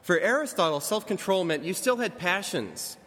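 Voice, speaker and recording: With a high-sitting, fairly bright voice, lively intonation and a moderate pace, a man in his thirties preaches in a church sanctuary. The pastor talks conversationally, jokes lightly and often corrects himself, and the hall is reverberant.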